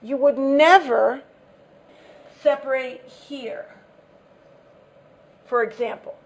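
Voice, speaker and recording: Woman English teacher, high voice, unhurried lesson delivery, patient and repetitive. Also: darkish tone. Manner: patient, repeats key words, checks understanding with "okay?". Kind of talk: classroom lesson explanation.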